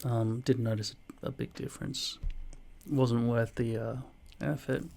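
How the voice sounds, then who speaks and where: A man in his forties reading out viewer comments and answering them in a dry, deadpan way, with plenty of swearing. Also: medium pitch, a little slow, vocal fry. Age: 40s. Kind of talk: casual comment-reply vlog.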